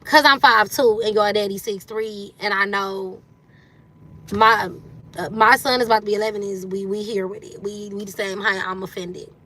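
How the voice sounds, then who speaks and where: A woman's voice: steady tone, moderate pace, bright, forceful tone. Chatty woman in her thirties. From Detroit, USA. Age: 30s. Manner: candid and chatty, acting out quotes with sudden jumps up in pitch. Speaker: livestream host. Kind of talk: casual storytelling chat.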